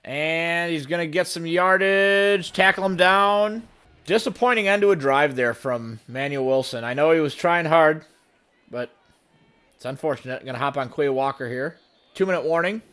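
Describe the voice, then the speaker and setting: A man talking through his own game session as he plays, calling each move in a running play-by-play. His voice sits a little high, and he bursts into loud excitement when plays go wrong. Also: normal speed, clear, resonant tone. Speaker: gaming channel host. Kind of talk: let's play commentary.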